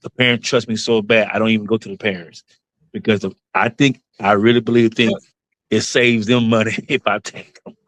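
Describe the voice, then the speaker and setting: A man's voice: lowish voice, flat delivery, fairly quick, a bit bright, dry recording, rough recording. A man, a basketball club owner and coach telling his story in an interview, earnest and emotional, going over points again and again.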